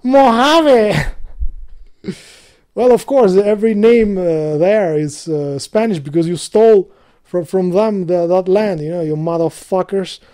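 A man ranting casually to his viewers in a vlog, cursing a lot, laughing often, and swinging between loud outbursts and low muttering. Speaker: video blogger. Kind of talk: casual rambling vlog rant.

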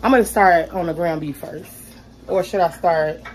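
A woman's voice: on the low side, moderate pace, slight background noise. A woman chatting casually to her viewers while she cooks dinner in her home kitchen, calling them y'all again and again. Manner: chatty, talks straight to viewers with lots of y'all. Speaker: vlogger. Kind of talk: casual cooking vlog.

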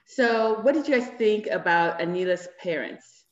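A woman chatting casually about an episode, telling animated stories and acting out what people said. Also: medium pitch, moderate pace, reverberant, lo-fi sound. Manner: animated storyteller who acts out quoted dialogue. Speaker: cast member discussing an episode. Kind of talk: casual chat.

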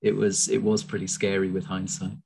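A man's voice: low-pitched, monotone, a little fast, gravelly, darkish tone, a little hiss or hum. A man being interviewed as a guest, telling a story with quoted dialogue over a video call. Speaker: guest naturalist and tour leader.

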